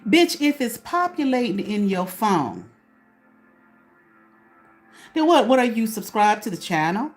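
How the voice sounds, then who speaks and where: A woman's voice: on the high side, sing-song, measured pace, pauses often, soft background music. A woman hosting her own small channel, ranting at someone in a profane, confrontational way and putting questions to herself. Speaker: channel host. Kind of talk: ranting to camera.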